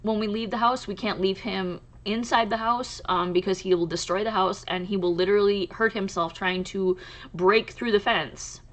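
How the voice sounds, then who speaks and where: A woman hosting a crochet channel, talking casually to camera in a soft, halting way with many pauses and restarts. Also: medium pitch, steady tone.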